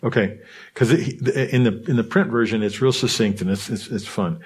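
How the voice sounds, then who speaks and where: A man hosting a podcast, explaining a book's ideas in a relaxed teaching talk, often restarting phrases and checking in with his listeners. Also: fairly low pitch, fairly quick, slightly rough. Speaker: podcast host. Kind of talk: casual teaching talk, reading a book aloud.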